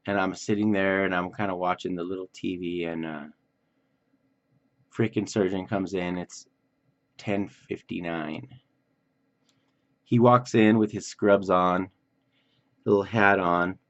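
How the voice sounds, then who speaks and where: Low-voiced man telling a story, lo-fi. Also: measured pace, pauses often. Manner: animated, swears freely, acts out others' voices. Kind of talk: casual storytelling vlog.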